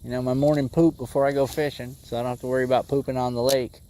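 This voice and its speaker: A man livestreaming bass fishing from a boat on a lake, chatting with viewers in an easygoing way and talking excitedly to the fish as he reels it in. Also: racing, slight background noise. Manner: excitable, talks to the fish and chat. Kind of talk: casual live commentary while fishing.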